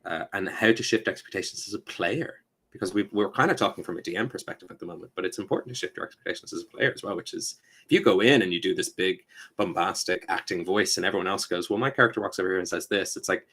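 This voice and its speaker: A man talking casually on a podcast about tabletop gaming. He is animated, keeps dropping into quick quoted voices, laughs mid-sentence and swears now and then. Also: low-pitched, husky. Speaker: podcast co-host.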